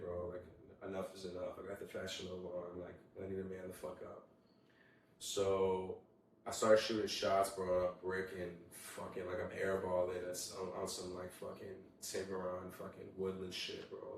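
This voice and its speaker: A young man hosting a casual solo podcast, telling animated stories with lots of swearing and acting out what people said. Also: low-pitched, gravelly, recorded from a distance, slight background noise. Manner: animated storytelling, heavy swearing, acts out quotes. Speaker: podcast host. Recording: very echoey room, voice away from mic.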